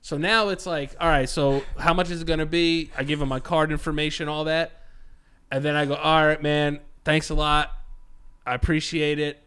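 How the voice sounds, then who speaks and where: Profane, animated podcast man. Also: a little high, moderate pace, clean tone. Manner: animated, profane storytelling with quoted voices. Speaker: podcast co-host. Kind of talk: casual storytelling chat.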